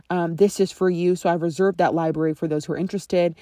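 A woman's voice: fairly low pitch, steady tone, fast talker, hardly any pauses, dark tone, no echo, clean studio sound. A woman in her thirties, a friendship coach hosting her own podcast, explaining in a conversational, instructive way and often checking in with her listeners. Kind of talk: solo podcast teaching monologue.

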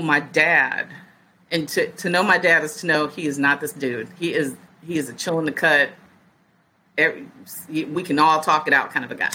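Woman, 40s, podcast guest; low voice, bright edge, animated storyteller. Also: breathy edge, low-quality recording. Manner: lively storyteller who acts out other people's words. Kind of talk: casual storytelling.

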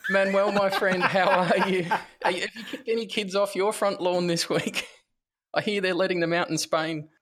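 A man's voice: high voice, steady tone, moderate pace, fairly bright tone. A man hosting a podcast, joking and laughing often. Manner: jokey, laughs a lot. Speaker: podcast host. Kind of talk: casual chat.

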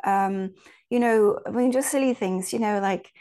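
A woman's voice: medium pitch, moderate pace, dark tone. A woman from Ireland, a guest in a casual interview, telling stories in a chatty way with many restarts and asides.

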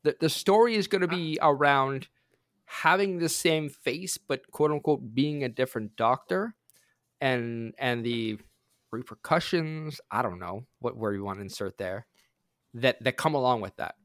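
A man's voice: medium pitch, a little slow, a bit bright, no echo, clean studio sound. A man hosting a podcast in casual chat, rambling and correcting himself with a wry, joking manner. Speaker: podcast host.

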